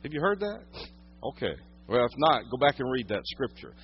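A man preaching a sermon, teaching from the Bible, swinging from loud emphatic lines to hushed quiet ones. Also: mid-range voice, big pitch swings, moderate pace, husky, muffled recording. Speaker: pastor.

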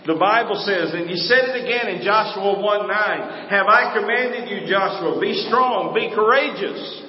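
A man's voice: high-pitched, a little slow. A man preaching a sermon, with an emphatic, sing-song cadence and sudden swings in volume. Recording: echoey hall, dull sound.

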